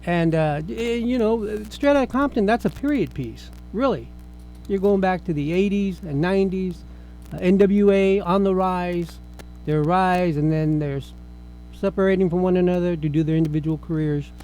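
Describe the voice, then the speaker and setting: A man's voice: sits high, normal speed, warm tone, slight background noise, low-quality recording. A middle-aged man hosting a casual film review chat, rambling and restarting his sentences as he talks. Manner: chatty, rambling, with frequent restarts. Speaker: film review show host.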